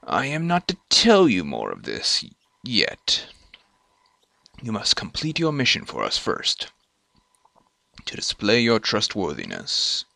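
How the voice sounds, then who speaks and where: A man voicing a weary old druid, speaking slowly and solemnly in a put-on accent, sinking to hushed whispers. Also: fairly low pitch, huge pitch swings, gravelly, full character voice. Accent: put-on foreign accent, not his own. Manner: slow, solemn delivery with hushed, whispered drops.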